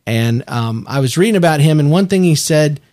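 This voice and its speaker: A man's voice: on the high side, lively intonation, brisk, darkish tone, no room sound, clean studio sound. Earnest man chatting on a podcast. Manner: earnest, reflective, talks about faith. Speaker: podcast co-host. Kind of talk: casual chat.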